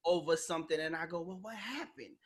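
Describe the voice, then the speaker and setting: Brisk and husky, this woman's lower voice carries a casual podcast conversation that she hosts. She's blunt and animated, doing impressions of quoted speakers and cursing without restraint.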